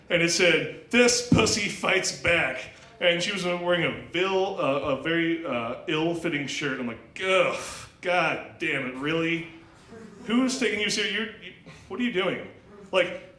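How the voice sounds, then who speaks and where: A man doing a stand-up comedy set at an open mic, crude and rambling, halting with lots of fillers. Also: mid-range voice, pushed and bright, echoey room, a little hiss or hum, low-quality recording. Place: small club stage.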